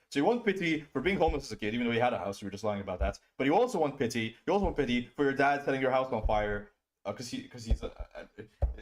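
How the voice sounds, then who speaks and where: A man ranting as a streamer host in stream commentary, profane and scornful, often mocking people in a whiny high voice.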